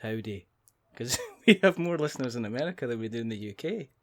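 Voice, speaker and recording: A man's voice: medium pitch, expressive, quick pace, crowd noise. A man hosting a casual podcast chat, joking, rambling and laughing often. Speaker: podcast host.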